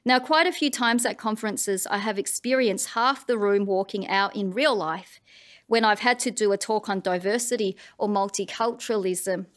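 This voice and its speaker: A woman's voice: medium pitch, moderate pace, fairly bright tone. A woman with an Australian accent, giving an annual address on writing in a wry, conversational and pointed way. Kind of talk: public address.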